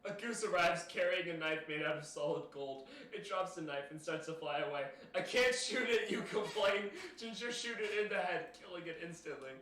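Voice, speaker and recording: A male streamer reading a text adventure aloud, excitable and often breaking into laughter. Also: sits high, moderate pace, hardly any pauses. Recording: roomy, distant, faint noise.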